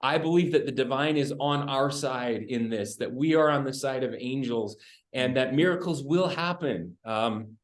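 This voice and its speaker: A man's voice: mid-range voice, normal speed. A middle-aged man, a state governor, speaking earnestly and hopefully in a conversation, often restarting his words. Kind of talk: conversational remarks in a virtual event. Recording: roomy echo.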